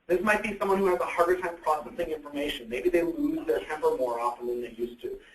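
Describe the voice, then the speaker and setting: A man gives a relaxed, conversational presentation, posing questions to his listeners and answering them himself. His voice sits a little high. The sound carries the echo of a roomy hall. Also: quick pace, a little hiss or hum. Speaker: presenter on psychiatric issues. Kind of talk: educational presentation. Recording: echoey room.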